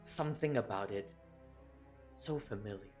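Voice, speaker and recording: A man narrating a tabletop role-playing game as game master in a measured, calm way. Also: on the low side. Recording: faint background music.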